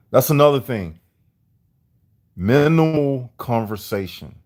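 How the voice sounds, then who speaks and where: Low-voiced man. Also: a little mellow. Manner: deliberate, repetitive and preachy. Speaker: vlogger. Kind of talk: livestream monologue to viewers.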